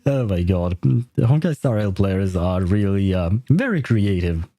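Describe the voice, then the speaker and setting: Speaking slowly in a fairly low, mellow voice, a French-native game streamer chats animatedly with no echo in the recording. His livestream talk is rambling and casual, punctuated by frequent laughter.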